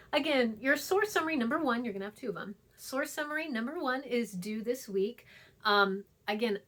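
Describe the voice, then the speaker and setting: A woman college writing instructor giving a recorded online lecture in a chatty, emphatic way, repeating herself and dropping into a hushed voice for asides. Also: a little high.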